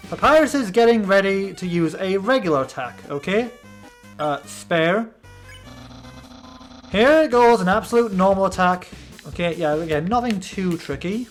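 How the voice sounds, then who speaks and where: Slow, rambling British gamer. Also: mid-range voice, expressive, faint music behind. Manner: rambling, sarcastic, many restarts. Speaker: let's play host. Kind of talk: casual gameplay commentary.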